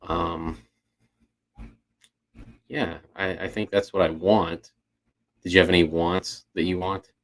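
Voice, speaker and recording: A man's voice: deep voice, little pitch movement, slow, pauses often, fairly bright tone. A man co-hosting a podcast, chatting casually and thinking aloud with frequent restarts. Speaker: podcast co-host. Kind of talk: casual chat.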